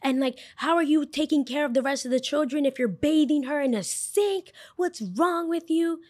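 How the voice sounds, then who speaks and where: A woman voicing an angry, shrill mother of a toddler who yells accusations in a high, strained voice. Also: a little fast. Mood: angry, yelling.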